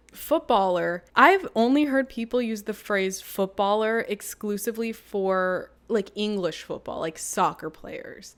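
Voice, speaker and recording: A woman gives casual let's-play commentary while she plays a story game. Her tone is wry and sarcastic, and she pokes holes in the script with incredulous asides. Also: medium pitch. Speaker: streamer playing a story game.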